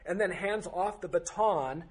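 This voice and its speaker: A man's voice: sits high, a little slow. A man teaching a Bible study class, firing off strings of rhetorical questions with occasional joking asides. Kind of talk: teaching to a group.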